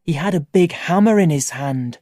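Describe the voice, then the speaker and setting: A reader narrating a first-person graded-reader story for language learners, reading slowly and clearly. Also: medium pitch, lively intonation, mellow, dry recording, clean studio sound. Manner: slow, clear, carefully paced reading. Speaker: audiobook reader.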